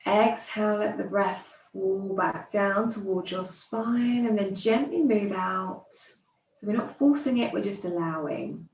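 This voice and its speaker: A woman teaching yoga, guiding slow breathing with calm, soothing counting cues. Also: mid-range voice, slight background noise. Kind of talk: guided breathing instruction. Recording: echoey room, distant mic.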